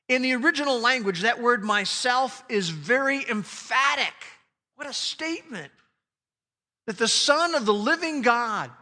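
A man preaching a sermon, slowing down and stressing key phrases with emphatic delivery. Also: extremely high pitch, pushed and bright, long reverb tail. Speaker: pastor.

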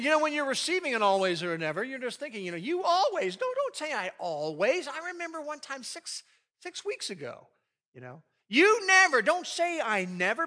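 A man's voice: high voice, pushed and bright. A man preaching a sermon on marriage to a live audience, acting out quoted arguments with animation. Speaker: pastor leading a marriage session.

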